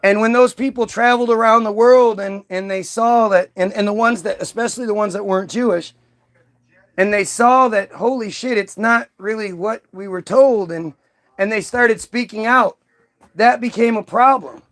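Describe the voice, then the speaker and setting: High-voiced man ranting. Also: normal speed, a bit bright. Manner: rambling, repetitive restarts, heavy swearing. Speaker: host. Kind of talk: profane rant monologue.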